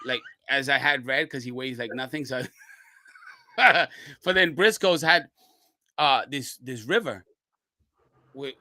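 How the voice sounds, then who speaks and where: A man from Brooklyn, a podcast guest telling wrestling road stories in a casual, slangy, animated way. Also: medium pitch, slow, pauses often, no echo. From Brooklyn, New York. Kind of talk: casual storytelling.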